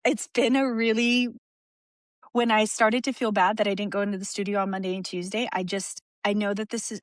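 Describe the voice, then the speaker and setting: A woman talks openly as a guest on a podcast. She is emotional and frank, circling back and restarting her thoughts with small laughs. Her voice sits at an ordinary pitch in a dry, close recording. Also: dry recording. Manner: open and emotional, rambling with restarts and soft laughs. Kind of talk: candid conversational interview.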